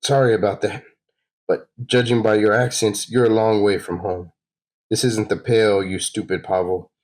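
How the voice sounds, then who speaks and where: A grim young warrior with a menacing, deliberate delivery, read out by a man, only slightly raised from his own low voice. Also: flat delivery, a little mellow, close to an everyday voice, rough recording. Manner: slow, threatening.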